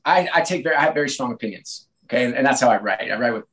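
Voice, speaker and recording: A man in his late forties, a sports team executive as a podcast guest, telling stories in a lively way with frequent restarts. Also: mid-range voice, rapid-fire, low-quality recording. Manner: animated, frequent restarts and repeated words. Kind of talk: casual interview storytelling.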